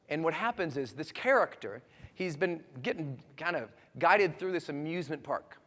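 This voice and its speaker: Motivational speaker guy on stage, high voice that swings all over, long echo in a big hall. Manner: energetic, emphatic storytelling. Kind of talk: motivational seminar talk. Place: large hall with live audience. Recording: echoey hall reverb.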